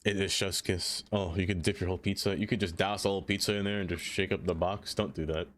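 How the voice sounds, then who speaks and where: A young man streaming live, chatting casually with viewers in an animated, joking way and laughing often. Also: low-pitched, fast talker.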